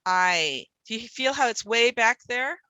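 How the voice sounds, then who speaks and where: Woman running a phonics workshop, bright higher voice, sounds words out slow, dry close audio. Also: steady tone, no echo. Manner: demonstrative, sounds out words slowly. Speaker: literacy teacher trainer. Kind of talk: workshop presentation.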